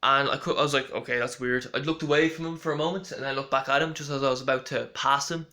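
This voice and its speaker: A man's voice: medium pitch, steady tone, fast talker, pushed and bright. A young man rambling through a casual storytelling monologue with lots of fillers and restarts. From Ireland. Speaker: vlogger.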